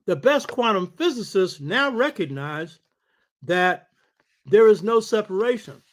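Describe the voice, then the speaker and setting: A man's voice: high voice, expressive, unhurried. An older man hosting a talk show, lecturing in a preaching cadence and often calling out to his listeners for agreement. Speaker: show host. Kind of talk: lecture-style radio talk.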